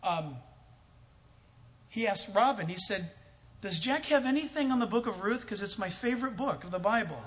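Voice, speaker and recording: A man's voice: high voice, expressive, moderate pace, pauses often, fairly bright tone, slight background noise. A man telling a story in a sermon as a pastor, acting out both sides of a conversation and chuckling often.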